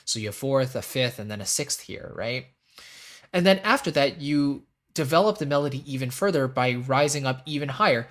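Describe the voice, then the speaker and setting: A man teaching a music theory lesson in a relaxed, casual way, pausing to hum melody lines on "da". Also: medium pitch. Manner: explains calmly, hums melodies on "da".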